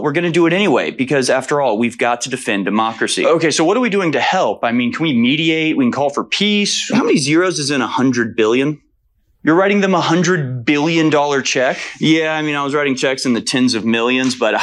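A man's voice: mid-range voice, a bit bright. A man performing a satirical comedy sketch, trading sarcastic, mock-innocent lines. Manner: sarcastic, mock-innocent back-and-forth banter.

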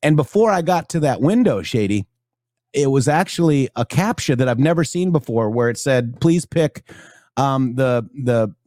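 A man's voice: mid-range voice, expressive, normal speed, darkish tone, no echo, clean studio sound. A man co-hosting a live talk show, chatting casually and loosely, reading out viewer comments as he goes. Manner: loose, rambling, reads viewer comments aloud.

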